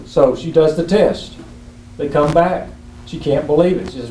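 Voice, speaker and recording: Man, public comment at council meeting, mellow slightly high voice, earnest and emotional, echoey room, mic far off, faint hum. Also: normal speed. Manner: earnest storytelling, rising to emotional urgency. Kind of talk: impassioned public comment speech.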